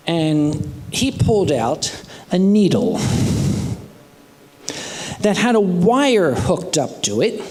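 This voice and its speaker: An older man, telling a comic story live to an audience, animated and expressive, with dry sarcastic asides. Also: high voice, big-room sound. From United States. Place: convention hall stage.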